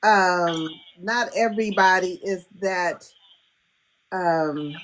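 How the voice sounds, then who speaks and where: A woman's voice: on the low side, slow, a bit bright, rough recording. A woman hosting a podcast, earnest and grateful, close to tears as she talks. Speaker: podcast host. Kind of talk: casual podcast chat.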